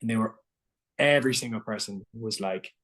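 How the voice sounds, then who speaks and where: A man's voice: on the low side, fairly quick, fairly bright tone. A man, a singer-songwriter guest, chatting casually in an interview and telling a long story full of filler words.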